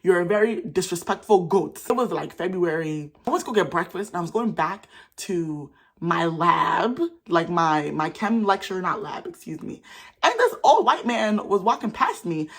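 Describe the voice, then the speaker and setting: A young woman, telling stories to camera in a casual vlog in an animated, sassy way. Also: slightly rough. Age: young adult. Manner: animated, sassy, talks fast with sudden jumps in pitch. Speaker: vlogger.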